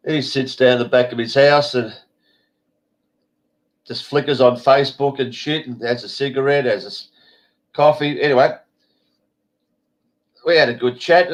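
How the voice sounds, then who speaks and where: An Australian man hosting an online show, congested and stuffy, rambling in a blunt, foul-mouthed, casual way. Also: medium pitch. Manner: swears freely, blunt and rambling. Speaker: show host. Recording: dull lo-fi stream audio.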